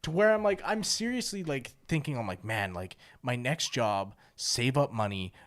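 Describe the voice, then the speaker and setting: A man's voice: medium pitch, lively intonation, normal speed. A man co-hosting a podcast in casual chat, rambling with lots of fillers and heavy swearing. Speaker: podcast co-host.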